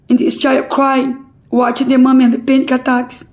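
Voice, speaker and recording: A middle-aged woman making an impassioned, pleading public appeal in halting non-native English. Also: high voice, completely flat delivery, darkish tone, poor audio. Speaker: relative pleading a court case.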